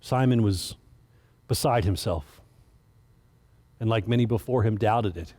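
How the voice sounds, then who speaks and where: A man's voice: on the low side, unhurried, dark tone. A man giving a casual, earnest sermon as director of children's ministry, stumbling and restarting as he tells the story.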